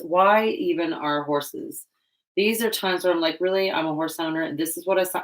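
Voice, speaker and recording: A woman's voice: lowish voice, moderate pace. A woman vlogger chatting casually while painting, rambling and laughing often.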